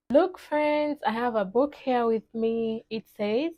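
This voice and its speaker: A young woman teaching toddlers, speaking slowly and cheerfully in an exaggerated sing-song and imitating animal sounds. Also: on the high side, darkish tone, muffled recording. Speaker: children's teacher.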